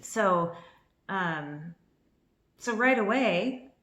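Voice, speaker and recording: Excitable rambling woman in her fifties. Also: medium pitch, extremely slow. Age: 50s. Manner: excitable and rambling, with restarts and laughter; a little nervous on camera. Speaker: vlogger. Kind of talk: casual storytelling to camera. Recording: echoey room.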